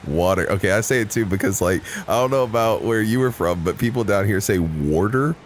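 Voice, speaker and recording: A man with a very deep voice co-hosts a podcast. He jokes around in an easy, laid-back way. He grew up in South Carolina. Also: fairly quick, a little hiss or hum. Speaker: podcast co-host. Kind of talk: casual podcast chat.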